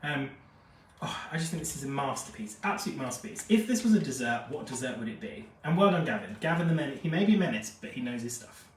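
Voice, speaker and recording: A man's voice: mid-range voice, expressive, quick pace, slight background noise. A man hosting a live fragrance review, chatty and gushing, reading out viewer comments while feeling unwell. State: unwell after a jab, feverish. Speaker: fragrance expert host. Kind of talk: live-stream product review chat. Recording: echoey room, mic at a distance.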